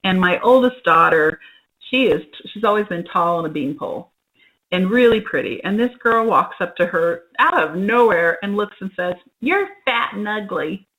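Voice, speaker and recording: A woman co-hosting a casual parenting talk, telling animated stories about her kids and acting out what people said. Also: on the low side, moderate pace, narrow, tinny audio. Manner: animated storyteller, acts out quotes.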